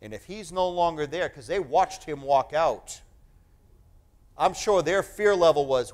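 A man preaching a sermon with a fairly high voice that swings widely in pitch. He reads scripture with heavy emphasis and drawn-out key words, in a forceful pulpit delivery. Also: animated. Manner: emphatic preaching, reads scripture aloud with dramatic slow stress. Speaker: pastor.

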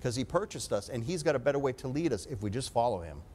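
A man's voice: medium pitch, big pitch swings, fast talker, a little mellow. A man preaching a sermon with emphatic delivery, often calling for an amen.

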